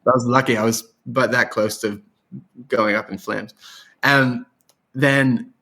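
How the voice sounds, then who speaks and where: An Irish man, a guest songwriter, talking in a rambling, animated way in a casual interview. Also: medium pitch, measured pace. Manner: rambling, animated storyteller with laughs and restarts.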